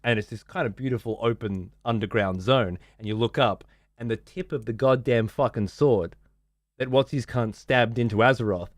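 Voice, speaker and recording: A man's voice: mid-range voice, moderate pace, no room sound, studio quality. A man ranting casually as a streamer, sarcastic, profane and exasperated.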